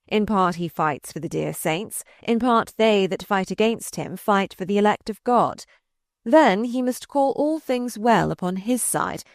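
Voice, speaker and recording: A woman reading aloud voices a sardonic, malicious older male courtier who mocks in slow, drawn-out phrases. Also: medium pitch, vocal fry, no room sound, studio quality, natural voice. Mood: mocking. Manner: mocking, drawn-out.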